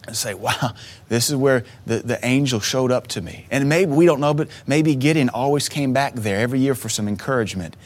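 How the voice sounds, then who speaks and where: A man's voice: medium pitch, a little mellow. A man in his thirties delivering a heartfelt sermon in a mid-range voice. He speaks earnestly, stumbling over and repeating words as emotion rises in his telling. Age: 30s. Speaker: pastor.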